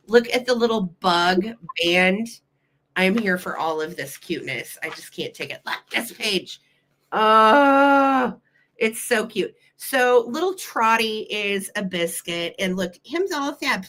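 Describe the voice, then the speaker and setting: In a live vintage sale, a middle-aged woman coos over old children's books, reads them aloud, and runs bids for her viewers, talking directly to chat. She sounds gushing and delighted, with an expressive, fairly bright voice on the high side, taking things slowly.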